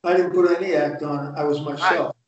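A man's voice: fairly high pitch, fairly even intonation, fairly quick, crowd noise. An older man with a New Jersey accent, a retired undercover agent telling stories bluntly and with plenty of profanity in a casual interview. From North Jersey. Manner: blunt, profane, streetwise storytelling. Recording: distant, echoey, muffled remote audio.

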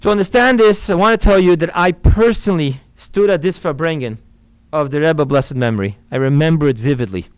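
A man's voice: fairly high pitch, fairly quick, clean tone, no room sound, poor audio. A man teaching a Torah class as a rabbi, explaining earnestly and weaving in Hebrew and Yiddish quotations.

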